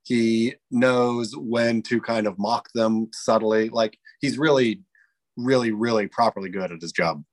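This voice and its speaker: A man's voice: on the low side, unhurried. A man co-hosting a podcast, chatting casually and enthusiastically with frequent restarts. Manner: rambling, enthusiastic, restarts often. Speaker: podcast co-host. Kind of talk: casual chat.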